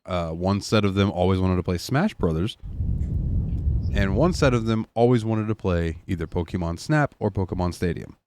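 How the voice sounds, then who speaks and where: A man's voice: low-pitched, expressive, normal speed, darkish tone, slight background noise. A man guesting on a casual podcast, telling stories in an easygoing way. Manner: easygoing, storytelling.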